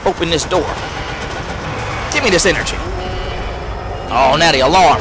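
A man doing excitable, trash-talking commentary on the game he is playing. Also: on the high side, moderate pace, pauses often. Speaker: let's play gamer. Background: game music.

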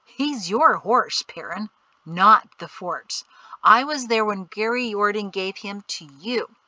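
Brief: easygoing male guide, calm and dry-humored, read by a woman narrator, bright tone. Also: sits high, slow, no room sound, full character voice, low-quality recording. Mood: wry.

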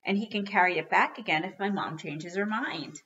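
A woman reading a children's book aloud with expressive storytelling. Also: medium pitch, fairly quick, muffled recording. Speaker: reader.

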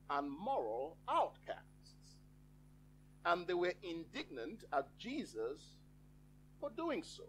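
A man preaching a sermon in a church, with slow, emphatic phrasing and dramatic pauses. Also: high voice, a little hiss or hum, low-quality recording.

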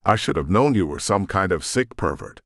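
A man narrating an audiobook and voicing an angry, defensive young woman with a sharp, accusing manner. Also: low voice, animated, brisk, no echo, clean studio sound, heavily acted. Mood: indignant. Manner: indignant, accusing.

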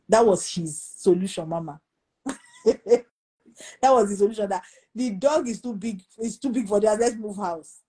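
A middle-aged Nigerian woman pastor telling a lively story in a conversation, acting out what others said. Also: mid-range voice, husky, poor audio. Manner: animated storytelling, acting out quoted voices. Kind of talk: storytelling in a talk show conversation.

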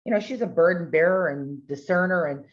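A middle-aged woman telling a testimony story in an animated way, acting out the voices of the people she quotes. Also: on the low side, brisk. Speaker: ministry speaker sharing testimony. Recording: dull lo-fi recording.

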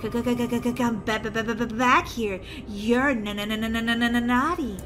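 A woman's voice: a little high, steady tone, normal speed, loud music behind the voice, lightly acted. A woman voicing a creepy robot babysitter who stutters on repeated syllables as she glitches. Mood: glitching. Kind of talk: animated game movie voice acting.

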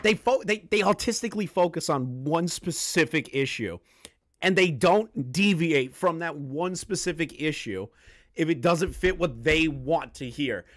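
A man hosting a reaction commentary, speaking bluntly and crudely and slowing down hard to stress his points. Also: on the high side, expressive, fairly bright tone. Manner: blunt, crude, slows down for emphasis. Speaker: commentary host.

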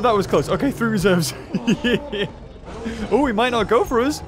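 Male gamer, high-pitched, excitable play-by-play, game music behind. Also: moderate pace. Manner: excitable, thinking aloud, bursts of high-pitched shouts. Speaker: gaming YouTuber. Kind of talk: game commentary.

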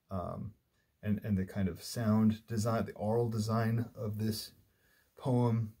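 A man giving a literature lecture, thoughtful and unhurried, with frequent fillers and restarts as he reads poetry aloud and pulls it apart. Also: fairly low pitch, dark tone, slightly rough.

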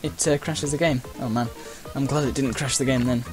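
A man talks casually over his racing game at a middle pitch, rambling between thoughts with lots of uhs and playful cheers. Loud game music and engine noise run under his voice. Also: steady tone, fairly quick. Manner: chatty and rambling, with frequent uhs and playful exclamations. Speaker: gameplay commentator. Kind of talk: casual let's-play commentary. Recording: game music and sound effects behind the voice.

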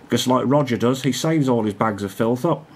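A man's voice: mid-range voice, fairly quick, darkish tone. A man chats and jokes in a rambling, casual vlog manner. He is recorded indoors at home by a camera mic on a tripod that sits some distance away. The room sounds echoey, and a faint hiss of noise sits underneath. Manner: rambling, joking, chatty. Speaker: vacuum cleaner video host. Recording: roomy, mic set away.

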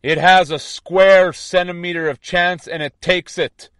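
A man's voice: high voice, fairly even intonation, unhurried, a bit bright, smooth, no room sound, studio quality. A man giving an impassioned spiritual monologue, intense and defiant, repeating his points. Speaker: online preacher.

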